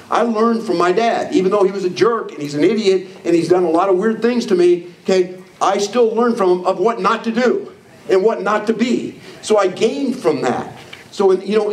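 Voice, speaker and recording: Older guy preaching leadership stuff, kinda high voice, echoey hall, mic way off. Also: darkish tone. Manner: emphatic, preachy, acts out quoted voices. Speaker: motivational speaker. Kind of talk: live leadership training talk. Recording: echoey hall, far from mic, faint noise.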